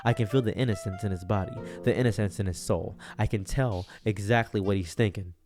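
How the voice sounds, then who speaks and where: A young man telling an absurd comic story in a deadpan, rambling way. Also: on the low side, brisk, music in the background. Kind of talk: comedic storytelling.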